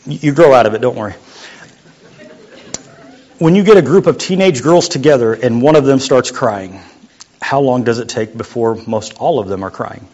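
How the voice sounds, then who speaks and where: A young adult man preaching a sermon as a youth pastor, in a conversational, joking way that sometimes drops to a quiet voice. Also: mid-range voice, animated, normal speed, pauses often. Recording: muffled lo-fi sound.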